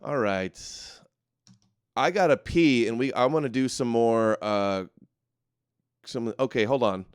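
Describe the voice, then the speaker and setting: Sarcastic male show host, smooth voice. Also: mid-range voice, no room sound, clean studio sound. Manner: mocking, sarcastic, quick asides. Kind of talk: live commentary reacting to clips.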